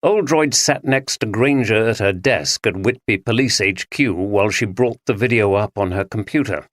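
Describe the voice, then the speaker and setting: A man reading a mystery audiobook aloud in a measured storytelling manner, also speaking the detective's lines. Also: lowish voice, no echo. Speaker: audiobook narrator. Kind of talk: scripted audiobook narration.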